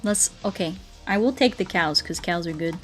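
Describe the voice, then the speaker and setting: A woman's voice: lowish voice, moderate pace, music in the background. A woman streaming a game, chatting playfully with her viewers and breaking into silly songs and mooing. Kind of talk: casual gameplay commentary.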